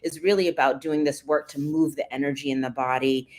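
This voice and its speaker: A woman guest, a somatic healer, explaining her work in a calm, measured way. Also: low voice. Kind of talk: calm explanatory interview talk.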